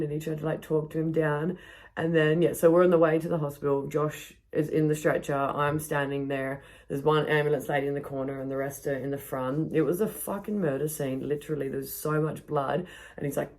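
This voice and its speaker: A young woman tells a story on her podcast, rambling and swearing freely. Her voice has a gravelly fry, and she pads her sentences with "like". She is recording outdoors in a backyard. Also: sits low, steady tone, brisk, darkish tone. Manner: rambling, swears a lot, fills with "like". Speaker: podcast host.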